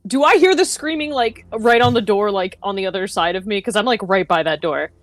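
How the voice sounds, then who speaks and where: A woman's voice: mid-range voice, expressive, fairly quick, no echo. A woman playing a tabletop game, chatting casually and asking about the rules. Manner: chatty, asks rules questions. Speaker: player.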